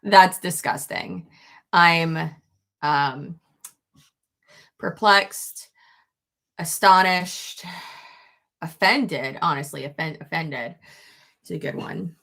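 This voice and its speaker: A woman's voice: sits low, extremely slow, gravelly, long pauses, sharp tone. A young woman chatting casually on a livestream, reading out viewer comments and swearing freely. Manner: chatty, swears freely, talks to her dog. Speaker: YouTuber on a livestream.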